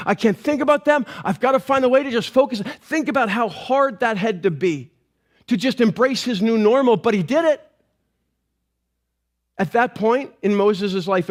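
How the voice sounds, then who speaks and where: Pastor, male, high voice; conversational storytelling sermon, stumbles on repeats. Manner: chatty, often adds "right?", repeats words when stumbling.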